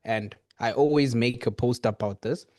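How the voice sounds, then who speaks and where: A man's voice: medium pitch, moderate pace, mellow, no echo, studio quality. A man on a group coaching call, speaking earnestly and rambling, with frequent restarts. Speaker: coaching client.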